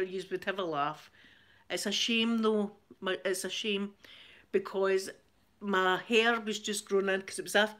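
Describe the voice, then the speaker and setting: A woman's voice: mid-range voice, fairly bright tone. A Scottish woman hosting her channel, telling a rambling story in casual chat, laughing often and repeating words as she goes. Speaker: channel host.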